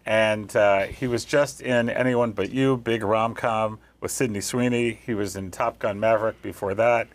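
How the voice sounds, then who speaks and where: A man's voice: fairly low pitch, fairly even intonation, moderate pace, hardly any pauses. A man on a film critics' panel giving rambling, enthusiastic recommendations. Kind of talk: panel film review chat.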